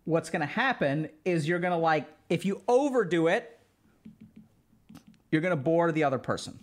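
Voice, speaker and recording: This streamer teaches social skills in a casual spoken lecture to his live chat. His voice sits on the high side, with lively intonation at a normal speed, and he keeps things loose and conversational, full of filler words and lots of "like."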